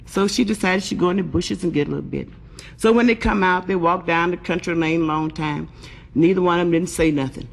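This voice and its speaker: A woman's voice: fairly low pitch, brisk, creaky. A woman comedian telling profane, bawdy jokes in brash live stand-up.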